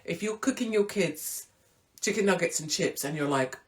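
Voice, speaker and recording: A woman's voice: lively intonation, normal speed. Irreverent chatty woman host. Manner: swings into big high exclamations. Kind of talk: casual live-stream chat.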